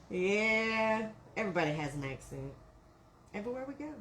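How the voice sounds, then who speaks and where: A woman's voice: mid-range voice, a bit bright, slight background noise. A woman with a Texan accent hosting a live craft tutorial, chatting and greeting viewers by name as she works. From Texas. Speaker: craft live-stream host.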